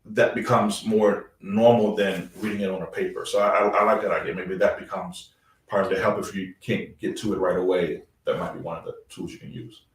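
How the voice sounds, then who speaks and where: Man, lowish voice, easygoing book club host, distant mic, echoey room. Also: steady tone, brisk. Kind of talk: moderating a discussion.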